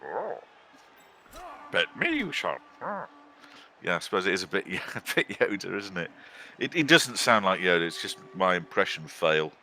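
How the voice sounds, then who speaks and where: Man, very low and bright, casual joking game commentary, faint hiss behind. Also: expressive, brisk. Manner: chatty, joking and teasing.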